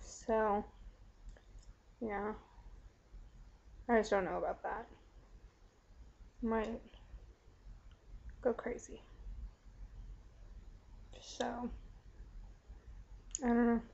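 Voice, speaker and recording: A chatty young woman with a slightly high voice, talking frankly to a friend on camera between giggles and fillers. Her voice comes through dull, lo-fi webcam audio. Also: steady tone, drawn-out words, vocal fry, long pauses, darkish tone. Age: young adult. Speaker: vlogger. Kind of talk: casual video letter to a friend.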